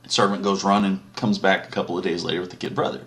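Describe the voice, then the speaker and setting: A man's voice: sits low, little pitch movement, fast, fairly bright tone. A man telling an old story as a casual, crude comedic retelling, full of swearing and asides. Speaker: comic storyteller.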